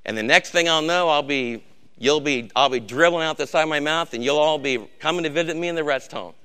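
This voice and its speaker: An older man with a gray beard preaching a sermon, urging his congregation and swinging between hushed warnings and shouted exhortation. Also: fairly high pitch, brisk, clear, resonant tone. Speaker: pastor.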